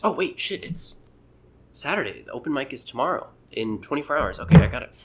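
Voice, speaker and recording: A man's voice: mid-range voice, big pitch swings, fairly quick, heavy background noise. A man in casual podcast chat, an amateur comedian who rambles and acts out voices when retelling jokes.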